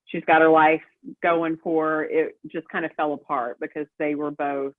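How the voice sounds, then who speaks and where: A woman's voice comes through a thin, phone-like line with a dry, close sound. She tells a personal story as a guest in a casual interview. She talks in a lively way and acts out the voices of the people in it. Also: deep voice, normal speed, no room sound. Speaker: guest, prison matchmaker.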